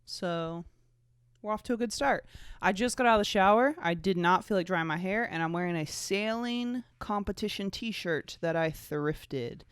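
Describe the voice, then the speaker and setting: A twenty-five-year-old podcast host with a trace of a Southern US accent chats alone, wandering from thought to thought. The delivery is jokey and self-mocking, with swearing dropped in casually. The voice is smooth and clear, recorded close in a dry room with no echo. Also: mid-range voice, normal speed. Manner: rambling, jokey and profane, with self-mocking asides. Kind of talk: casual solo podcast chat.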